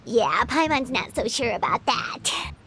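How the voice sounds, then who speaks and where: A woman's voice: on the high side, big pitch swings, measured pace. A woman voicing a tiny, chirpy female fairy companion who teases and talks about herself in the third person, for a video game. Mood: teasing. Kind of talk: game voice acting. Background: game music.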